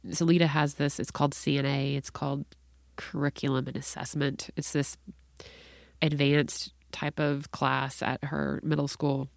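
A middle-aged woman telling a story in casual chat, bringing the people in it to life. Her voice sits low and sounds dry and close, with no room around it. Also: measured pace, creaky, no room sound. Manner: animated storyteller, acts out quoted voices.

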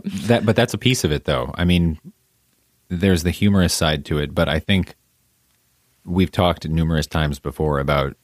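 A man in casual podcast chat, calm, reassuring and reflective. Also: rumbling low, no room sound, studio quality.

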